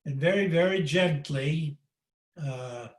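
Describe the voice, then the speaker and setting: A man, a priest and monk, teaching on contemplative prayer over a video call in a gentle, reflective way with many hesitations. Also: fairly high pitch, slow pace, far from the mic. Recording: roomy video-call audio.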